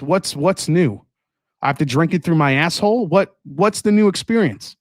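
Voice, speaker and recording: A man's voice: on the high side, expressive, a little slow, long pauses, dry recording, clean studio sound. A man hosting a casual whiskey review show, sarcastic and profane, mocking marketing copy.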